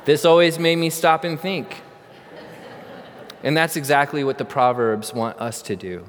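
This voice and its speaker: A man's voice: fairly high pitch, unhurried, slight background noise. A middle-aged man preaching a sermon, telling a funny childhood story with animation and then teaching earnestly. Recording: long reverb of a large hall.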